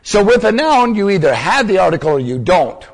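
Animated preacher in an echoing hall. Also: male voice, high-pitched, brisk. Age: older. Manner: teacherly, asks the audience questions. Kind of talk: sermon teaching. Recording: long hall reverb.

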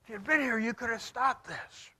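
A man preaching a sermon, reading scripture slowly and solemnly and swinging between loud declaiming and hushed near-whispers. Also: very high voice, slightly rough.

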